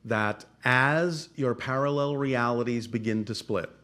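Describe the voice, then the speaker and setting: A man speaking as a channeler, answering audience questions in a formal, measured cadence with repeated phrases. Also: mid-range voice, fairly bright tone. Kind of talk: channeled spiritual talk.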